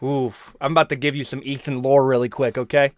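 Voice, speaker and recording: A young man hosting a live stream, chatting in an animated, slangy, rambling way. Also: mid-range voice, a little fast, dry recording. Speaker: host. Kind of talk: casual live-stream chat.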